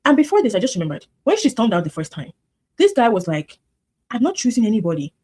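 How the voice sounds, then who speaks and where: Animated woman giving casual commentary. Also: on the high side, fast, slight background noise. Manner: animated, repetitive, gossipy.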